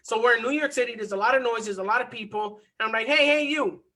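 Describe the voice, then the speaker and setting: A man teaching a motivational online coaching lesson on marketing and mindset, energetic and repeating key phrases for emphasis. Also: very high voice, very fast.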